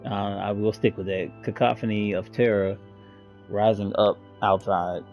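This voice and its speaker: A man's voice: on the low side, little pitch movement, unhurried, a little mellow, soft background music. A man hosting a gaming channel, reading the story text aloud and breaking in with casual jokes. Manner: reads aloud, breaks off to joke and laugh.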